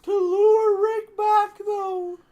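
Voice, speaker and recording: An eerie wailing old manager. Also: male voice, very high-pitched, level tone, dark tone, highs cut off, pitched above the performer's own voice, full character voice. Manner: slow, wailing, drawn-out.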